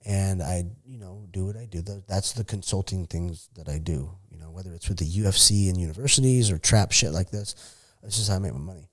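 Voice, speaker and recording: A middle-aged man with a lowish voice, sharing stories as a podcast guest. He swears a lot and laughs as he goes, in a loose, chatty way. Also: fairly quick, hardly any pauses, slightly rough. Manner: profane, storytelling, laughs often. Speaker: podcast guest, former fighter. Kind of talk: casual chat.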